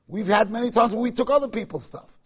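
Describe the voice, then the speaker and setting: A man's voice: high voice, quick pace, slightly rough. A man with giving a Torah lecture, chanting verses and making joking asides. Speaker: Torah teacher.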